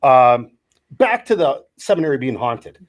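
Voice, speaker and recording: A middle-aged man co-hosting a podcast, telling lively stories and acting out the quotes. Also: mid-range voice, a little slow. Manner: animated storyteller acting out quotes. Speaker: podcast co-host. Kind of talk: casual storytelling chat.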